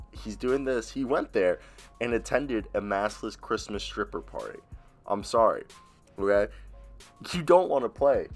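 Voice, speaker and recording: A man giving blunt, opinionated basketball commentary on his vlog, talking straight to viewers into a laptop mic. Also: sits low. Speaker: sports commentator.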